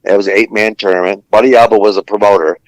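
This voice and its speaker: A man's voice: on the low side, steady tone, fast talker, dry recording, rough recording. A man, a former ring announcer, telling rambling fight stories on a podcast with many fillers and curses. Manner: rambling anecdotes with frequent fillers and profanity. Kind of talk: casual storytelling.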